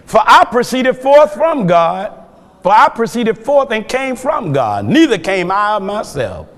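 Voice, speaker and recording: A man preaching a fiery sermon, shouting his points with chuckling asides between them. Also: sits high, very animated, measured pace. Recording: long hall reverb.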